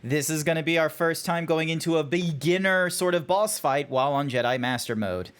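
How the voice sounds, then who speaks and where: A young Australian man giving chatty, animated commentary on a game while he talks to his stream chat. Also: a little high, a little fast, clear, resonant tone. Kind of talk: casual gameplay commentary.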